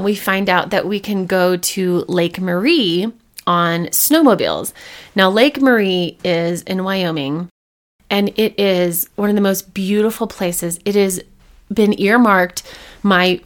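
A woman hosting her own podcast, telling a personal story straight to the listener. She acts out her past self and others in quick snippets and jumps far up in pitch for the excited lines. Her tone is casual and confessional, with a medium voice. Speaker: podcast host.

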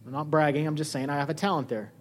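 A man preaching a sermon as a pastor, animated, acting out the dialogue he quotes. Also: rapid-fire, slight background noise. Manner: lively, acts out quoted dialogue with shifting pitch. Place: church hall.

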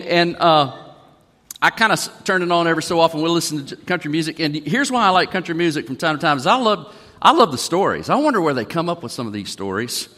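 Pastor, male, slightly high and expressive voice, casual folksy preaching in a big echoing sanctuary. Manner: folksy, conversational, reads song lyrics aloud. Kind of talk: sermon. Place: church sanctuary. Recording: long reverb of a church hall.

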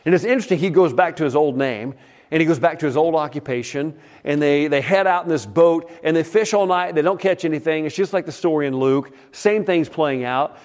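A man preaching a sermon as a pastor, retelling stories in a casual, conversational way and often dropping to a soft hush. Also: fairly high pitch, brisk.

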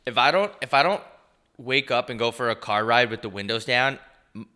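A man with a congested, nasal voice chats loosely on a podcast, rambling through jokes and swearing freely. His tone is bright and forward, and his pitch sits mid-range. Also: normal speed. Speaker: podcast co-host. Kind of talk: casual chat.

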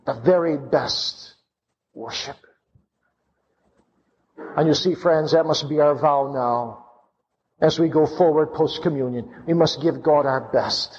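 Man preaching, measured delivery, impassioned; slightly muffled, lo-fi recording. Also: on the high side, darkish tone. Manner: impassioned, rising to fervent cries. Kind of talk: sermon. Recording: lo-fi with long hall reverb.

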